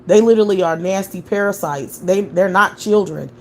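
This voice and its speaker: Answering her live chat, a young adult woman streamer launches into a scornful, foul-mouthed rant full of derisive laughter. She speaks at a moderate pace in a medium pitch, with slight noise in the background.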